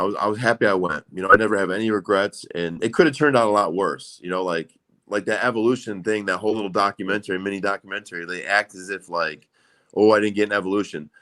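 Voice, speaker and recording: A man's voice: fairly low pitch, a bit bright. Rambling, foul-mouthed man guest. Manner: rambling, swears freely, many fillers. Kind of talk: casual interview chat.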